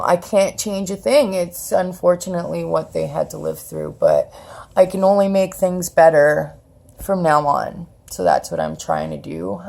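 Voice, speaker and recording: A woman's voice: sits low, creaky, darkish tone. A woman in her thirties telling her life story on her own channel, blunt and profane, acting out what others said. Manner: blunt and profane, acts out quoted voices. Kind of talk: candid personal storytelling.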